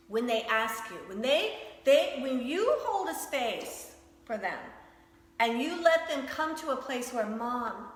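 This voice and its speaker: A woman's voice: high voice, fairly bright tone. A woman teaching a yoga class, chatty and demonstrative, often acting out voices as she explains. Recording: echoey hall with long reverb.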